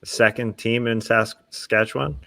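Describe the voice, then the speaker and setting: A man's voice: lowish voice, steady tone, moderate pace, vocal fry, fairly bright tone. A man co-hosting a casual sports chat, throwing in laid-back joking asides. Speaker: podcast co-host.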